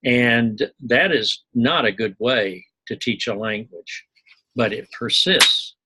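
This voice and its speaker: A man's voice: medium pitch, lively intonation, takes it slowly, bright, forceful tone, husky, low-quality recording. A middle-aged man from Missouri giving a loose, digressive recorded lecture, full of asides and small jokes. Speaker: university instructor.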